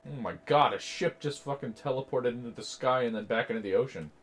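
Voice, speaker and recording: A young man in casual gaming chat with friends, excitable and swearing at the game over headset voice chat. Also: medium pitch, fairly quick, slight background noise. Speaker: gamer.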